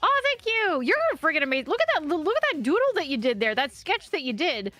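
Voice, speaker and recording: Bright-voiced, chatty woman streamer. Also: high voice, sing-song, quick pace, soft background music. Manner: chatty, laughs often. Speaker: VTuber and horror game streamer. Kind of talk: casual stream chat.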